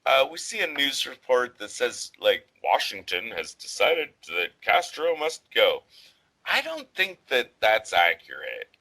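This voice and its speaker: Bright-voiced man chatting casually. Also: medium pitch, huge pitch swings, measured pace, poor audio. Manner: rambling, filler-heavy, swears casually. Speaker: podcast co-host. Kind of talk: casual podcast discussion.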